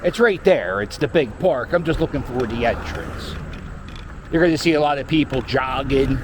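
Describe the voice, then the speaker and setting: A man's voice: mid-range voice, lively intonation, normal speed, noisy background. A man riding a scooter through a park, rambling through wry commentary and stories. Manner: rambling, wry, storytelling asides. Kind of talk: casual running commentary. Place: outdoors in a park, on a moving scooter.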